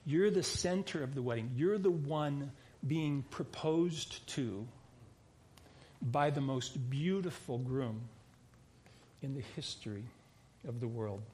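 A man's voice: a little high, slow, long pauses, darkish tone, a little hiss or hum. A man, a pastor, preaching a sermon in a conversational way, often restarting phrases and adding asides. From United States.

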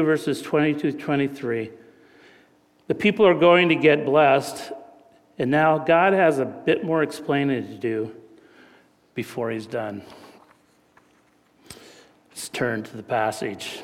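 A middle-aged man gives a folksy, conversational sermon and weaves in personal stories. His voice sits at an ordinary male pitch. It carries a long reverb, as in a large church hall. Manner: folksy, storytelling, checks in with "right?". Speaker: pastor.

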